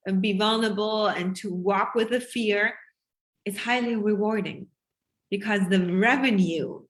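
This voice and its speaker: A woman business coach giving a passionate, emphatic live sales pitch to her online group, swearing freely as she talks.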